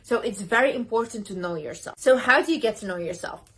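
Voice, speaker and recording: A woman's voice: medium pitch, fast talker, a bit bright, slightly rough. A young woman giving casual motivational advice, emphatic, repeating herself for stress and acting out what other people say. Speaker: motivational speaker. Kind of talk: casual motivational talk to camera.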